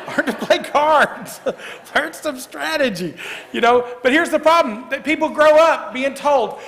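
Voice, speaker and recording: Animated preacher in an echoing church. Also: male voice, very high-pitched, unhurried. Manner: lively, jokey, swings from loud to hushed. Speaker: pastor. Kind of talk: sermon. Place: church sanctuary. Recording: echoey church hall.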